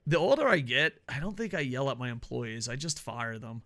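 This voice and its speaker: A man co-hosting a wrestling podcast in casual chat, animated and jokey, laughing often. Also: medium pitch, brisk. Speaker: podcast co-host.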